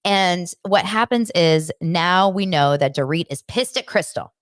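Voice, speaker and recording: Chatty low-voiced woman host. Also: no room sound, clean studio sound. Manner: chatty, animated, breaks into quick imitations. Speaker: podcast host recapping reality TV. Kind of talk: casual chat.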